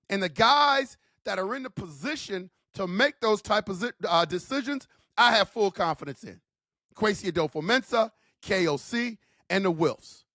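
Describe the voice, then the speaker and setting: Man, high pitch, emphatic sports vlog host, repeats himself, casual slang, dry recording. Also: a bit bright, no room sound. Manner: fired-up, emphatic, repeats points; casual slangy talk, calls listeners man. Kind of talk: opinionated football commentary vlog.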